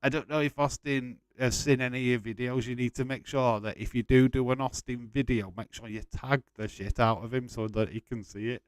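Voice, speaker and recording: A man's voice: medium pitch, steady tone, brisk, hardly any pauses, clear, resonant tone, dry recording. A man hosting a casual live watch-along stream, chatting loosely with frequent swearing and rambling restarts. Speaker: livestream host.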